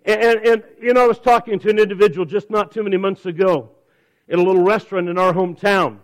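A middle-aged man preaching a sermon at a church service, emphatic, slowing down to stress key phrases and repeating words as he starts a thought. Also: high voice, steady tone, low-quality recording. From California.

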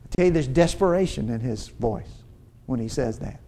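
A man preaching a sermon, pausing for emphasis and building to urgent, rising lines, often restarting and repeating words as he works toward a point. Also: mid-range voice, lively intonation, dark tone. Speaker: pastor.

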